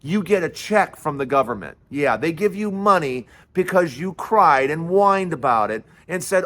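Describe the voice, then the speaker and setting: A man's voice: a little high, lively intonation, moderate pace, hardly any pauses, a bit bright. A man hosting his own political commentary show, delivering a fiery, scornful rant full of sarcasm, mockery and swearing. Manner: sarcastic, mocking and profane.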